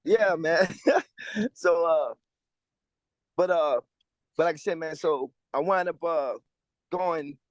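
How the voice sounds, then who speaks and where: A man, a guest telling his story over a remote call in a casual, slangy way and acting out other people's lines in a higher voice. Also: slow, pauses often, dry recording, poor audio. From Louisiana. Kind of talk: storytelling interview. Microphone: remote call over a weak connection.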